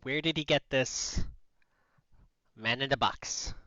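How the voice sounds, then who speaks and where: A man's voice: mid-range voice, slow pace, bright, forceful tone, dry recording. A man playing in a tabletop game, talking bluntly with a wry edge. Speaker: player. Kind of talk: casual tabletop play. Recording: muffled lo-fi mic.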